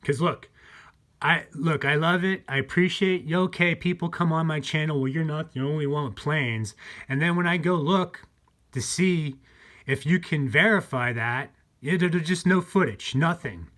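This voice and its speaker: A man's voice: fairly high pitch, normal speed, a bit bright. A man hosting his own channel, talking to viewers in a rambling, repetitive monologue, often restarting and calling them folks. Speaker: conspiracy channel host.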